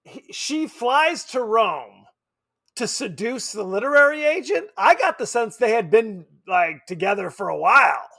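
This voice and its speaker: A man from Palm Springs co-hosting a podcast, chatting casually about a horror film, animated and quick to laugh. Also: sits high, gravelly. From Palm Springs, California. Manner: animated, laughs often, acts out quotes. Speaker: podcast co-host.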